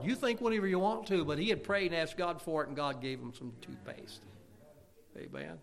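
A man's voice: a little high, very animated, a little fast, vocal fry. A man preaching a sermon, telling folksy stories and asking for amens. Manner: folksy storytelling, calls of amen.

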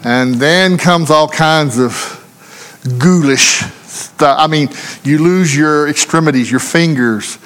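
A man's voice: fairly high pitch, takes it slowly, fairly bright tone. A male preacher giving a sermon in earnest, repetitive rhetorical questions, speaking in a church. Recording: long hall reverb.

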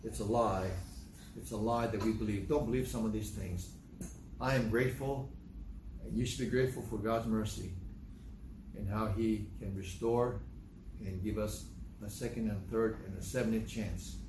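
An older man preaching a sermon in a conversational, storytelling way, acting out dialogue with sudden jumps in pitch. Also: fairly even intonation, normal speed, long pauses, noisy background. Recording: echoey room.

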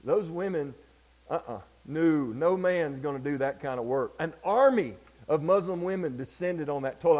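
A man from Georgia with a Southern accent, preaching a sermon and telling stories, often calling out for an amen and moving between loud passages and hushed ones. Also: fairly high pitch, normal speed, poor audio. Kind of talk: sermon with storytelling.

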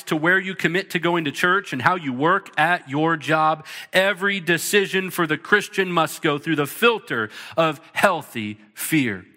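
A man's voice: sits high, bright, forceful tone. A man in his thirties preaching a sermon as pastor, earnest and emphatic, with short punchy repeated lines. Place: church sanctuary. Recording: long reverb of a large hall.

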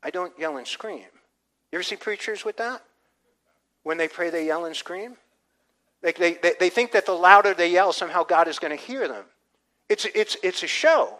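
A man's voice: sits high, moderate pace, pauses often, pushed and bright, poor audio. An older man, a pastor, preaching a conversational sermon with frequent restarts and asides. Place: church.

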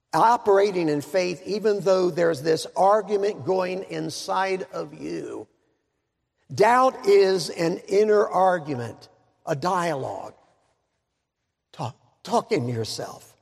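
High, gravelly-voiced preacher. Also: male voice, animated. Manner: dramatic, slows down to stress words, joking asides. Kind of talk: sermon. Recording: long hall reverb.

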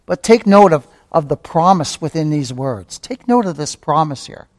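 A pastor preaches a sermon in a slightly high, expressive voice at normal speed. He repeats key phrases, poses rhetorical questions, calls his listeners beloved, and rises to fervent emphasis.

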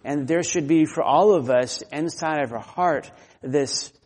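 A man's voice: on the high side, a little slow, darkish tone. A man preaching a sermon with earnest, conversational delivery and personal stories. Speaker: pastor. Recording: long hall reverb.

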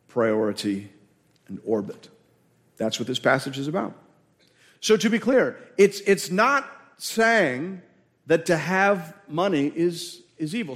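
A man preaching a sermon as pastor, emphatic, repeating key words and asking the congregation questions. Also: a little high. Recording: long hall reverb.

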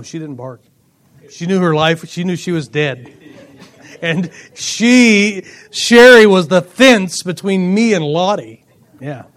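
A middle-aged man preaching a sermon, telling lively personal stories with bursts of laughter. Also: sits high. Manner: animated storytelling with laughter. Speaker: pastor.

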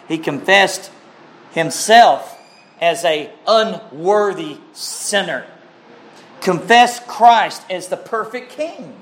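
Slow, earnest male preacher. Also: fairly high pitch, a bit bright, a little hiss or hum. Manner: slow, earnest, heartfelt preaching with emphatic rises; clears throat now and then. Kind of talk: sermon.

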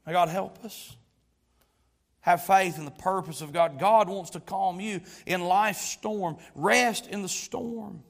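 A male pastor, preaching a sermon that moves from quiet storytelling to loud exhortation. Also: high-pitched, slow, vocal fry.

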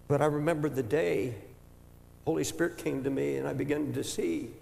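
An older man preaching with fervor, his voice pitched high and rough with fry. He stumbles over repeated words, then builds to full shouts. The sound rings through a large hall with a long echo. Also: steady tone. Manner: impassioned, rising to shouts, halting repetitions. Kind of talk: sermon. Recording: echoey hall with long reverb.

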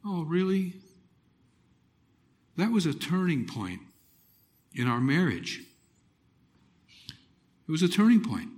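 A middle-aged man preaching a personal testimony, telling it dramatically with loud exclamations and hushed, near-whispered moments. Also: a little high, huge pitch swings, a little slow, long pauses. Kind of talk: sermon testimony.

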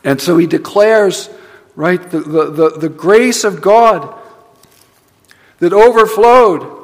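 Emphatic high-voiced male preacher in a reverberant church. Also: slow pace. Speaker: pastor. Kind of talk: sermon. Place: church sanctuary.

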